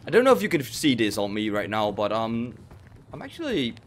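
A man's voice: mid-range voice, huge pitch swings, brisk, slight background noise. A frightened man, commentating as he plays a horror game, jittery and repeating himself when scared. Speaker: gamer playing a horror game. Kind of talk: nervous horror let's play commentary.

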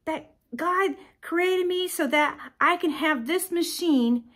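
A woman's voice: very high voice, slow, voice pushed up, full character voice. A woman doing a breezy grown-up son. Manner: lively, breezy. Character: grown son, relieved and chatty, older man. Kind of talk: acted quote in a podcast story.

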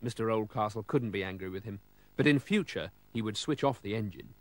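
A man reading a children's storybook aloud with lively, expressive storytelling. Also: on the low side, brisk, over music.

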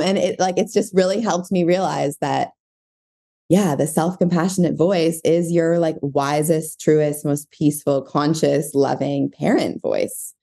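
A woman's voice: low voice, steady tone, measured pace, creaky, dark tone. A woman, a parenting coach, talking in a casual interview, reflective and searching for her words with many fillers. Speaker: parenting coach, podcast guest.

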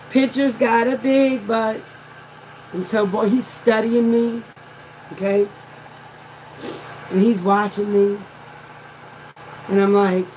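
A woman, a softball coach, telling a chatty story while she works on a craft project, talking in an animated way and saying "y'all". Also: a little high, takes it slowly, long pauses, a little hiss or hum, low-quality recording.

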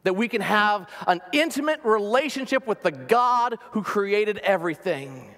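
Pastor, male, slow deliberate delivery, slightly high voice, earnest sermon, long hall reverb. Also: animated. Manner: earnest, drops to soft near-whispers for emphasis.

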